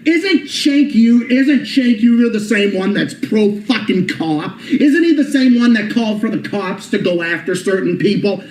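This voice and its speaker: A man's voice: very high-pitched, a little mellow, echoey room, low-quality recording. A young man hosting his channel, ranting furiously about political commentators and cursing nonstop. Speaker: channel host. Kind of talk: profane political rant.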